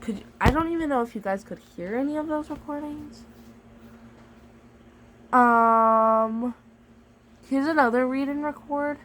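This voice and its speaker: Woman vlogger, slightly high voice, chatty and playfully dramatic, joking to camera. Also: measured pace, long pauses, a bit bright, slight background noise, rough recording. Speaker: vlogger reviewing a storybook device. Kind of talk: casual chat to camera.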